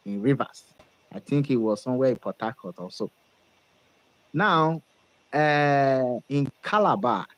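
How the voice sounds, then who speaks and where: A man's voice: mid-range voice, dry recording, rough recording. Nigerian man, political talk, dry close sound, emphatic predictions. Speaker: political commentator. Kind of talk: animated political commentary.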